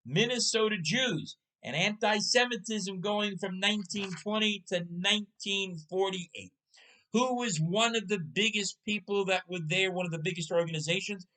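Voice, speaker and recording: A man's voice: high-pitched, pushed and bright, rough recording. A man in his sixties hosting a casual talk show, telling stories and putting rhetorical questions to his listener. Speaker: podcast host. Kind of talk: casual storytelling chat.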